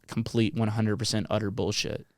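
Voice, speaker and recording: A man's voice: lowish voice, flat delivery, moderate pace, a little mellow, dry recording, studio quality. A young man, a podcast guest, telling a story in loose, slangy casual talk full of "dude" and "like".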